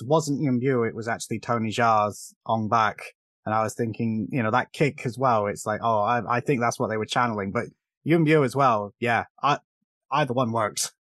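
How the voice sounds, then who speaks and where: A man's voice: medium pitch, fairly bright tone, dry recording, studio quality. Laughing man chatting about films. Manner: enthusiastic, laughs often. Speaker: podcast co-host. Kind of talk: casual film discussion.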